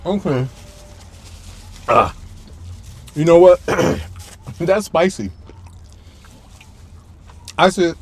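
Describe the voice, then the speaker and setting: A chatty man records a casual food vlog from the back seat of a parked car. His voice sits a touch high, and he talks to the camera between bites with plenty of approving hums. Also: animated, very slow, long pauses, breathy edge. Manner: chatty, talks to viewers while chewing, lots of hums of approval. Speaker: food vlogger host. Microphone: camera-mounted mic, a little far off.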